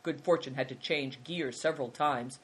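Audiobook narrator, steady storytelling, husky voice. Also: medium pitch, moderate pace.

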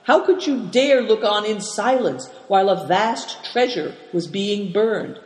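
A man's voice: high voice, measured pace, pitched above the performer's own voice. A man voicing a stern, commanding robber chief who speaks impatiently in clipped lines. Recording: roomy with long reverb.

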